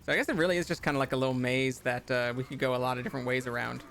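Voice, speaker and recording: A man's voice: medium pitch, steady tone, very fast, fairly bright tone, slight background noise. A man chatting casually and laughing while playing a co-op game on stream. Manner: chatty, laughs easily, thinks aloud. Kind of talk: casual gaming chat.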